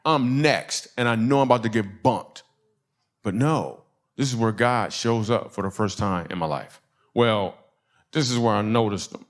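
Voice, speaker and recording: A man's voice: fairly low pitch, moderate pace. A man from Michigan doing a stand-up comedy set, telling a story and acting out the people in it. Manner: storytelling with acted-out quotes and audience laughs.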